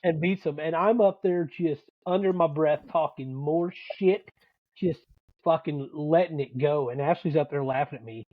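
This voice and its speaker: A man with a slightly raised voice swaps profane, animated stories in casual sports banter. His audio sounds dull and lo-fi. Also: on the high side, normal speed, no echo. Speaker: podcast co-host; youth sports dad and coach.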